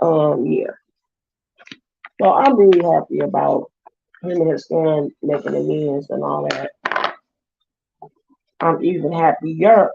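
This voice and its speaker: A woman vlogger, casually retelling a story with lively quoted voices. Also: deep voice, creaky, phone-quality sound.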